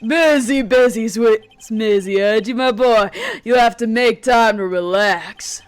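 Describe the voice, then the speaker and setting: A woman's voice: fairly high pitch, a little slow, clear, resonant tone, soft background music, natural voice. A woman voicing a jovial, overfamiliar older male police chief while reading game dialogue aloud.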